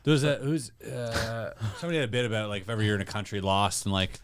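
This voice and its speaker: A man's voice: fairly low pitch, fast talker, no echo. A man co-hosting a casual comedy podcast, blunt and laid-back. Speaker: podcast co-host.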